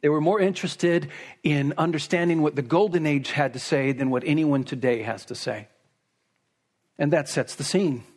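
Preacher, male, slightly high husky voice, emphatic expository delivery. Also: moderate pace. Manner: emphatic, rising to forceful peaks on repeated phrases. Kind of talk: expository sermon.

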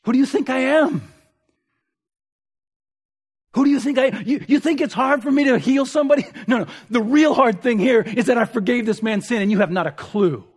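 A man's voice: very high-pitched, fairly quick, breathy edge, voice pushed up, full character voice. A man voicing Jesus as an urgent adult man, speaking emphatically and firing rhetorical questions. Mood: challenging.

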